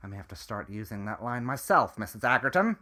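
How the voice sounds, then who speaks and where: A man's voice: on the low side, sing-song, fast, sharp tone, full character voice. A man voicing a young hotel worker with a dry, sarcastic manner.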